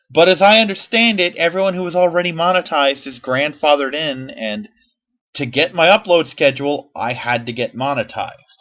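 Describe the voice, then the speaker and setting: Bright-voiced swearing gaming vlogger man. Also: medium pitch, dull audio. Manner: rambling, profane, self-deprecating. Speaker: YouTuber. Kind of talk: casual gameplay commentary.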